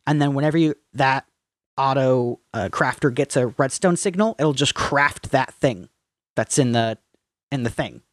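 A man's voice: mid-range voice, moderate pace, dry recording. A man co-hosting a podcast, chatting casually in a blunt, profane and enthusiastic way. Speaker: podcast co-host. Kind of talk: casual chat.

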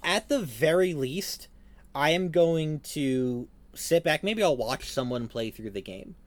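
A man's voice: on the high side, lively intonation, unhurried, no room sound. A young man co-hosting a podcast, chatting casually in a matter-of-fact way. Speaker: podcast co-host. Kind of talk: casual chat.

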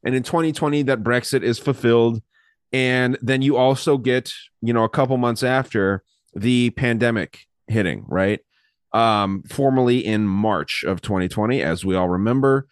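A man's voice: mid-range voice, normal speed, clear, resonant tone, dry recording, studio quality. A man hosting a casual podcast chat, rambling and swearing casually while reading from his notes. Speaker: podcast host.

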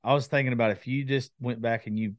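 A man hosting a podcast, telling stories in a casual, animated chat. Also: medium pitch, fast talker, no room sound, studio quality. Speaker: podcast host.

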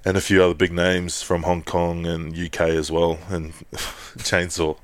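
A man's voice: deep voice, unhurried, dry recording. A man co-hosting a podcast, telling swearing-laced stories in casual chat and mimicking the people he quotes. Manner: swearing, animated storytelling with put-on quotes. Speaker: podcast co-host.

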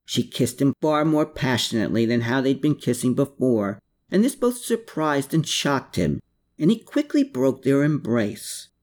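A man reading a novel aloud in a measured storytelling manner. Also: mid-range voice, sing-song, a little mellow. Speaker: audiobook narrator. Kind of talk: scripted narration.

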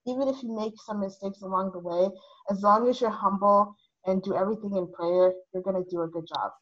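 A woman's voice: mid-range voice, fairly even intonation, fairly quick, muffled recording. A woman, a diversity practitioner, explaining points precisely and making corrections as a guest in a panel discussion.

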